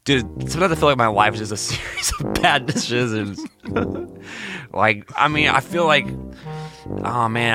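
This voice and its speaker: A young man from Mississippi with a very low voice tells rambling stories in a laid-back way. He says "dude" all the time and laughs between lines. Music plays clearly underneath. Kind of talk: casual storytelling chat.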